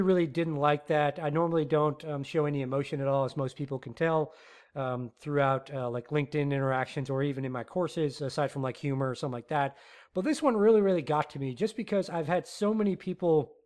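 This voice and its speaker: A man hosting his own podcast, ranting in a rambling, animated way with many fillers and restarts. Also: on the high side, brisk. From Texas. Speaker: podcast host. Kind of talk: solo podcast rant.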